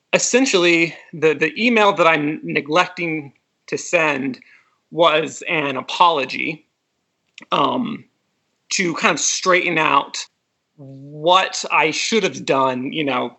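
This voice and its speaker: A man in his thirties from Texas tells a personal story as an interview guest, hesitant and full of fillers. His voice sits fairly high, with a gravelly, bright edge. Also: rough recording. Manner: hesitant, with many fillers and restarts. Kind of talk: casual storytelling.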